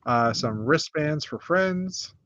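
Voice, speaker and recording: A middle-aged man from North America hosting a casual chat, rambling through a list with many pauses and restarts. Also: a little high, lively intonation, fairly bright tone, no room sound, muffled recording. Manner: rambling, lots of uh and restarts, shows builds one by one. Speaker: podcast host.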